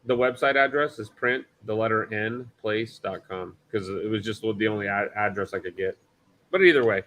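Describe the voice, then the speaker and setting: Casual male co-host, bright and forceful, animated storyteller. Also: on the low side, normal speed, slight background noise. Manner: animated storyteller, swears freely. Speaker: livestream co-host. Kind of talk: casual chat.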